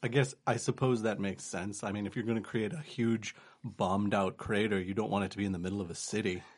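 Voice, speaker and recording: A man playing a tabletop game, gruff and incredulous. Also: lowish voice, fairly even intonation, fairly quick. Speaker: player.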